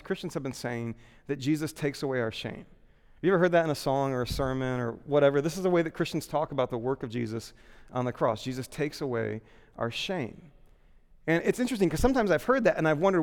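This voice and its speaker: A man preaching a sermon in an earnest, conversational way, sometimes dropping to a hush for emphasis. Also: fairly high pitch, long reverb tail. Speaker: pastor.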